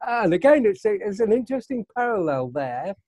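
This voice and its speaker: Man, fairly high voice, halting chatty guest, dry close sound. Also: big pitch swings, mellow, no room sound. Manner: hesitant, many fillers and restarts. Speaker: guest in a church discussion. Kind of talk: casual chat.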